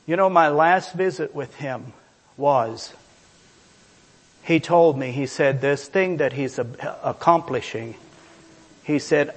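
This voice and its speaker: A man's voice: fairly high pitch, takes it slowly, long pauses. A male preacher giving a sermon, emphatic and repetitive, reading scripture aloud.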